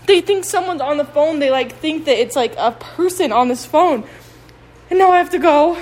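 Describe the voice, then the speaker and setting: A teenage woman records a casual, confessional vlog on her phone at home. She rambles, restarts and jokes at her own expense, her voice sitting somewhat high for a woman. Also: moderate pace, a little mellow. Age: late teens. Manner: rambling, chatty, self-deprecating, filler-heavy. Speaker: vlogger. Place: home with dogs.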